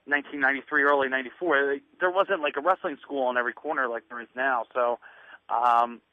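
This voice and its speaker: Speaking fast with medium pitch and fairly even intonation, a Northeastern US wrestler in his thirties tells stories as a guest on a casual phone interview. He rambles, leans on fillers, and acts out quotes. The recording is muffled, dry lo-fi radio audio without room sound.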